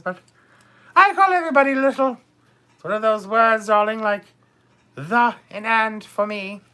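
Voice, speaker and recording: A man's voice: very high-pitched, bright, forceful tone, smooth, heavily acted. A man playing a bawdy, gossipy older duchess on a comedic live stream, theatrically calling viewers darling and my dears.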